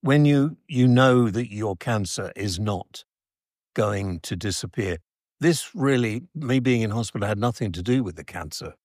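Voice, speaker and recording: Rambling Geordie man, low voice. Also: lively intonation, unhurried, darkish tone, no room sound, clean studio sound. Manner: rambling, self-deprecating, trailing off. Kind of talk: casual chat.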